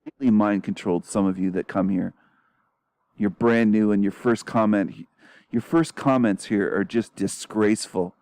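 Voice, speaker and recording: A man commenting on a clip, a low, mellow tone, bluntly challenging and repeating rhetorical questions with a dry, close sound. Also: fairly even intonation, moderate pace, no room sound. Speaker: commentary channel host.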